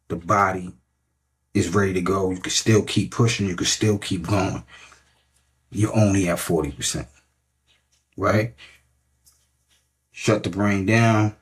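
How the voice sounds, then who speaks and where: A man's voice: deep voice, husky. A middle-aged man, a fitness coach giving emphatic, repetitive motivational talk and often checking in with "right?".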